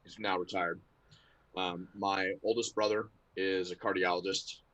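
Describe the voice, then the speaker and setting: A man's voice: deep voice, little pitch movement, measured pace, fairly bright tone, no room sound, low-quality recording. A middle-aged man talking casually as a podcast guest, laughing through his stories. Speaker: guest, associate athletic director.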